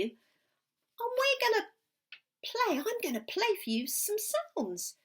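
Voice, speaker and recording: A woman's voice: high-pitched, big pitch swings. A woman teaching a recorded music lesson to young children, patient and encouraging, sometimes dropping to a whisper. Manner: slow, patient and encouraging, drops to a whisper at times. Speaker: primary school music teacher.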